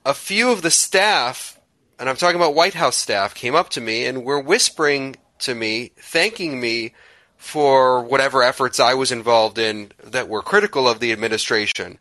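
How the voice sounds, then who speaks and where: Bright-voiced man asking rambling questions. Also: mid-range voice, normal speed, no echo. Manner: rambling, hesitant, full of fillers. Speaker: podcast host. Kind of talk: conversational interview question.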